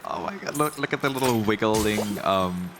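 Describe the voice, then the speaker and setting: A man presenting a game at an event booth, chatting excitedly and often laughing as he plays. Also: lowish voice, normal speed. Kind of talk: casual game commentary. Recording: game music playing behind. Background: game music.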